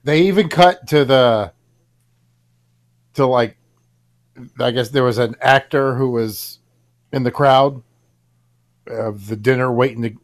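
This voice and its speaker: A podcast co-host telling a story, swearing freely and laughing at his own punchlines. His pitch sits in the middle of the male range, and he talks in a loose, casual way. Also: takes it slowly, long pauses. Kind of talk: casual chat.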